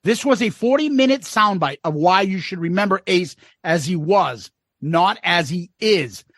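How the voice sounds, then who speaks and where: Male podcast co-host reading listener mail, lively up-and-down delivery, dry close sound. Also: high-pitched, dry recording. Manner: reads comments aloud with wry asides. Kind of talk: casual podcast chat.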